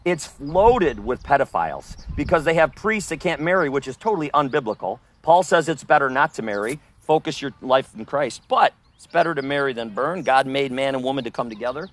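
A man in mid-pitch voice preaches outdoors in a confrontational style. He rebukes his listeners forcefully, then drops to low, hushed tones to make a point. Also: lively intonation, a little fast, hardly any pauses. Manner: forceful, rebuking, swings between loud accusations and low near-whispers. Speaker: street preacher.

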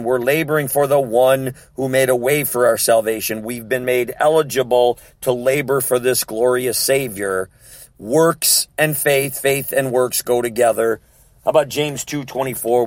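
A man's voice: mid-range voice, normal speed, no room sound. A man preaching a sermon in an emphatic teaching manner, repeating key words and often checking in with his listeners. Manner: emphatic, repetitive teaching with frequent check-ins.

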